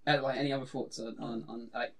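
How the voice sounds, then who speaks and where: A man's voice: mid-range voice, flat delivery, fast talker. A man hosting a casual podcast chat, running the show and restarting his sentences as he talks. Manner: rambling, self-restarting talk. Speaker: podcast host.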